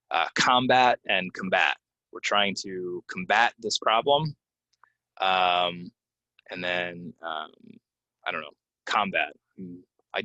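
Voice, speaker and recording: A man teaching English pronunciation in a relaxed video lesson, explaining casually with plenty of fillers and repeating words slowly. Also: deep voice, dry recording, poor audio. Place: Florida.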